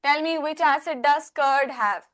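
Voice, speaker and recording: A woman's voice: high voice, a little slow, fairly bright tone. A woman with an Indian accent teaching an online class, explaining patiently in simple repetitions. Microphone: video call.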